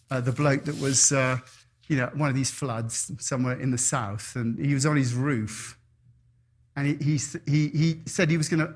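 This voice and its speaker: A man preaching a sermon in a chapel, telling stories with a repetitive, rhythmic cadence. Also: a little high. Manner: storytelling, repetitive cadence, animated voices in anecdotes. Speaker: pastor.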